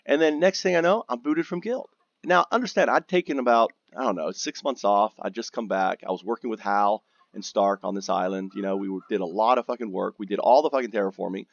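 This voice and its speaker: A lower-pitched man with a gravelly, creaky voice, telling a rambling, profanity-laden story about his game. He trips over his words and restarts sentences often. The recording is dry and dull, like a lo-fi mic. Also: fairly quick, no echo. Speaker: gamer recounting guild drama.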